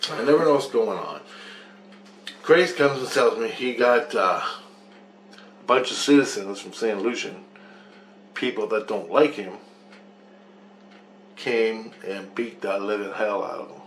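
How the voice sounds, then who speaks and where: A man with a fairly low voice tells a long, rambling story, agitated and swearing freely as he loops back over the same points. The recording is roomy and echoey. A faint hiss sits underneath. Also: unhurried, long pauses. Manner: agitated, profane, repetitive storytelling. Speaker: vlogger recounting spiritual experiences. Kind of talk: rambling monologue.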